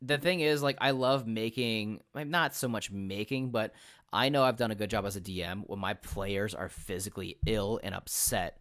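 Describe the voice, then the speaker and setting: A man hosting a casual podcast chat as a game master, telling stories in an animated way, acting out other people's lines and swearing freely. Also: fairly low pitch, moderate pace, dry recording, clean studio sound. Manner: animated storyteller who acts out quotes and swears freely.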